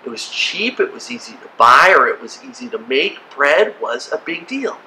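A man giving an animated children's sermon as pastor, acting out silly voices and reactions. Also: a little high, moderate pace, slight background noise, poor audio. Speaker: kids' pastor.

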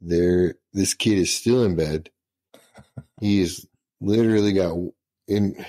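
A man's voice: deep voice, takes it slowly, warm tone. A middle-aged man, a retired senior master sergeant, telling profane, laughing anecdotes in casual storytelling.

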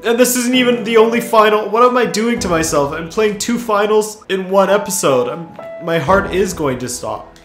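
A man commentating his own football video game, muttering then yelling with excitement, his voice going hoarse. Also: high-pitched, normal speed, echoey room, faint music behind. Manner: excitable, swings from mutters to shouts. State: losing his voice. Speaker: gaming YouTuber.

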